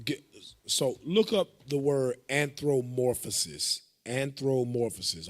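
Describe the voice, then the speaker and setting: A man's voice: mid-range voice, lively intonation, brisk. A man casually teaching scripture to a class, explaining verses with loose, joking asides.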